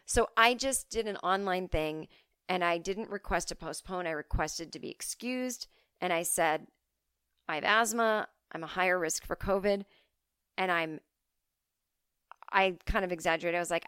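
Podcast host, female, foul-mouthed ranter, smooth voice, dry close-mic sound. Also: medium pitch, fairly bright tone, dry recording. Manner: blunt, profane, self-deprecating rants. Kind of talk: solo comedic podcast monologue.

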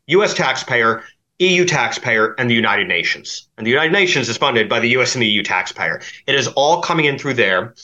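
A man talks at length as a guest on a podcast, in a bright, forceful voice. He rambles, stacking fillers and restarts. The audio is dull and lo-fi. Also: mid-range voice, animated, brisk. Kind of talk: podcast interview.

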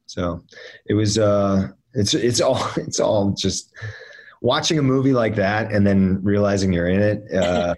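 A man's voice: on the low side, unhurried, a little mellow. A man, an actor guest in a casual interview, telling stories with many fillers and restarts.

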